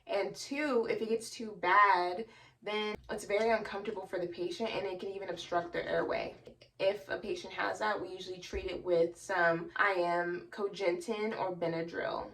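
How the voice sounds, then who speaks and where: A woman's voice: medium pitch, fairly even intonation, moderate pace, a bit bright, distant mic, slight background noise. A young woman who works as a psychiatric nurse, explaining in a chatty, earnest way with a lot of "you know". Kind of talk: casual educational explainer.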